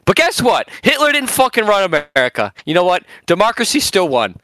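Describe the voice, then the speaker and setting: A man's voice: high voice, fairly quick, no echo. A man co-hosting a casual podcast, ranting loosely and swearing often. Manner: profane, animated ranting. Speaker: podcast co-host. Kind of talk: casual banter.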